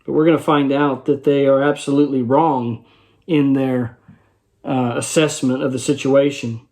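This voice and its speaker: A man's voice: medium pitch, little pitch movement, moderate pace, warm tone. A man teaching a Bible study in a conversational way, explaining a passage verse by verse and checking in with his listeners.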